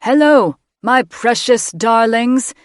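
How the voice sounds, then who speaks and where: A woman's voice: mid-range voice, slow, no room sound, studio quality, close to an everyday voice. A woman narrator voicing a gloating, villainous male mage who croons over his monster eggs with menace. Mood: crooning. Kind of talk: audiobook character voice.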